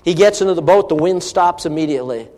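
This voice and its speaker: A man's voice: high-pitched, quick pace, a little mellow, long reverb tail. A man preaching an expository sermon in a conversational way, now and then rising into emphatic bursts. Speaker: pastor.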